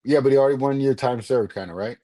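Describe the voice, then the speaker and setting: A man co-hosting a podcast in casual chat, joking and animated, slipping in and out of voices. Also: mid-range voice, fast, dry recording. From Miami. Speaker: podcast co-host.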